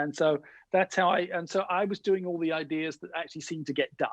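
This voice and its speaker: A middle-aged man telling lively anecdotes in an interview, acting out the voices of the people he quotes. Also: sits high, brisk, no echo, low-quality recording. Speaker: guest innovation speaker. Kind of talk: animated storytelling interview.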